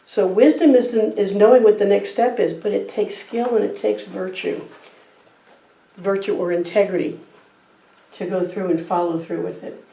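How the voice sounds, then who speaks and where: A woman's voice: mid-range voice, steady tone, normal speed, vocal fry, mellow. A middle-aged woman giving a sermon, telling a personal story in a conversational, easygoing way. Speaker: guest speaker. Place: church sanctuary. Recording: roomy distant church mic.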